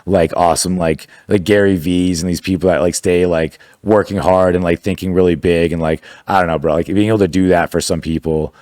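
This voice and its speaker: Low-voiced, laid-back rambling man. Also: fairly even intonation, fairly quick, few pauses, a little mellow, no room sound, clean studio sound. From United States. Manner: laid-back, rambling, heavy filler and profanity. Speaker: guest, business owner. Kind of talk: casual podcast chat. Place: podcast studio.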